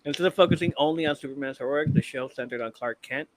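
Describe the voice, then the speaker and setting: A man's voice: on the high side, fast talker, low-quality recording. A man hosting a casual podcast, counting down a ranked list in a loose, profane way and often trailing off to restart. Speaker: podcast host. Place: live-streamed podcast. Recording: clear background noise with clicks.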